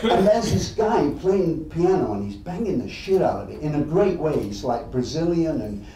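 An English man from England telling anecdotes to an audience in an animated, chuckling way. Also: fairly high pitch, moderate pace, heavy reverb, recorded from a distance, poor audio. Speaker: guest storyteller.

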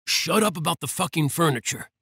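A man's voice: medium pitch, animated, measured pace, a bit bright, slightly rough, no echo, studio quality, exaggerated voice. A man voicing a tense, hot-tempered, protective man who growls his words. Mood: snapping.

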